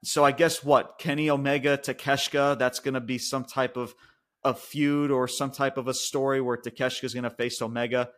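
A man co-hosting a wrestling podcast, ranting and swearing in casual chat, going from loud outbursts to quiet mutters. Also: medium pitch, little pitch movement, moderate pace. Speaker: podcast co-host.

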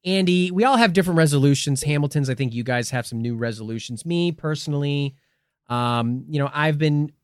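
A man hosting a comedy podcast, rambling deadpan with lots of fillers. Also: fairly high pitch, brisk, smooth, dry recording, studio quality. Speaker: podcast host. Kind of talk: casual comedic chat.

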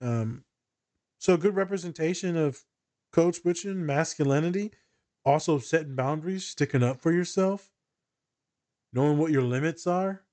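A man's voice: on the high side, normal speed, long pauses, warm tone. A man co-hosting a casual podcast, chatting loosely with laughter and plenty of swearing. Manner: laughing, profane, joking banter. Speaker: co-host, therapist.

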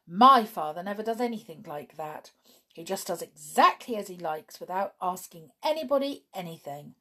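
Sulky proud tomboy girl, scornful and emphatic, read by a woman with a low husky voice. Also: lively intonation, moderate pace, pushed and bright.

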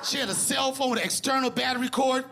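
A man doing crude stand-up comedy, talking loudly and often shouting his punchlines on stage before a live audience. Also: very high-pitched, steady tone, fast, creaky, music in the background. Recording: live club recording with audience laughter.

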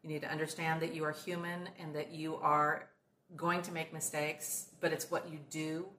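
Woman, low voice, motivational coach, emphatic, roomy recording, faint hiss. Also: level tone, moderate pace, a bit bright. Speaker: podcast co-host, coach. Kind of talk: casual chat. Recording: roomy with faint background noise.

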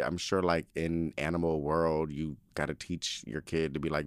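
A man's voice: a bass voice, measured pace, clear, resonant tone, no room sound, studio quality. A man telling a story in a casual monologue, ranting with lots of swearing and frequent laughter. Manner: profane, animated, indignant ranting.

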